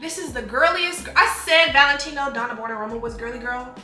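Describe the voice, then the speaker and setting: A young woman chats through her perfume collection, gushing and chatty, her voice bright and ringing and a little high. She records in an echoey room at home with soft music playing underneath. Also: quick pace. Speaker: beauty vlogger. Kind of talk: casual fragrance review.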